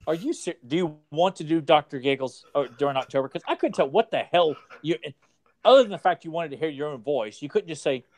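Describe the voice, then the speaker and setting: Teasing man with a lively voice. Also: fairly high pitch, fairly quick. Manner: teasing, mimics others in mocking voices. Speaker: podcast co-host. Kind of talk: casual chat.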